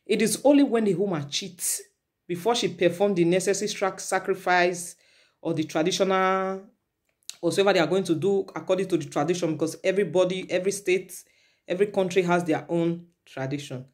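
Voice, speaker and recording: A woman's voice: on the low side, fairly quick, a little mellow. A woman from Nigeria with a Nigerian accent, lecturing her viewers in a repetitive, preachy vlog and slipping into Pidgin. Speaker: vlogger.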